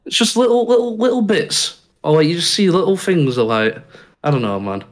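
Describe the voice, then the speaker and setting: A man's voice: a little high, animated, fairly quick. A man with a Northern English accent from Barnsley, a guest trading crude jokes in casual podcast chat. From Northern England. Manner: jokey, swears freely, puts on bits.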